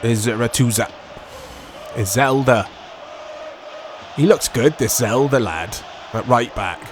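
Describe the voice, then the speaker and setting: A man commentating his own football video game play, excitable and self-mocking, shouting at big moments. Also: medium pitch, slow pace, pauses often, some chatter behind, slight background noise. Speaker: gaming YouTuber. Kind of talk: gameplay commentary.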